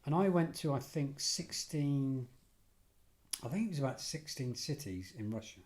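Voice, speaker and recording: A middle-aged Englishman, once a detective and later head of security, appears as a podcast guest. He tells lively anecdotes in a casual, conversational style, often correcting himself mid-sentence. His voice is mid-range and his pace normal.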